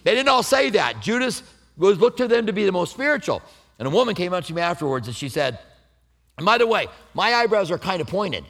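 A middle-aged male pastor preaching in a relaxed, conversational way, with bits of self-deprecating humor. His voice sits a little high and moves through a very lively, swinging melody. He goes from warm explanation to light storytelling without losing the sermon's thread. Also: a little fast.

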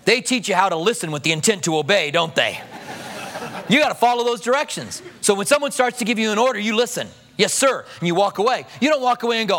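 A pastor preaching a sermon in a church, talking in a conversational way with rhetorical questions and dropping to a soft hush when he voices prayers. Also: sits high, animated, fairly quick.

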